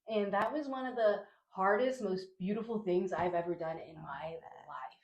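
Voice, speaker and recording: A woman's voice: medium pitch, brisk, hardly any pauses. A young woman from Honduras shares a travel story as a podcast guest. She talks casually and animatedly, acting out what people said and laughing often. Her voice has a roomy echo.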